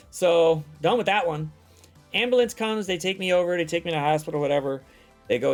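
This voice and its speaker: A man with a fairly high voice tells a long personal story in a loose, rambling chat, swearing freely and acting out what everyone said. Soft music plays faintly behind him. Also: fairly quick. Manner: profane, rambling storytelling full of acted-out quotes. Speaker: guest telling a personal story. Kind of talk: casual chat.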